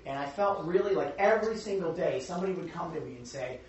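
A man preaching a sermon to a congregation, his voice hoarse and raspy, talking in an earnest, conversational way with many fillers. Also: a little high, animated, quick pace. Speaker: pastor. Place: church hall. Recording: echoey hall from a distant mic, dull.

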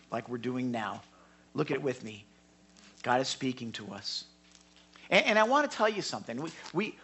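Bright-voiced animated preacher. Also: male voice, medium pitch. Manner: animated, repeats words and restarts. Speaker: pastor. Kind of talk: sermon storytelling.

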